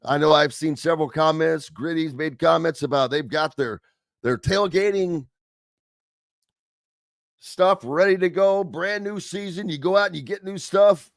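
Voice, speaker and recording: A man's voice: a little high, unhurried, gravelly, no echo, studio quality. A man hosting a sports talk radio show, chatting casually in a rambling way and reading listener comments aloud.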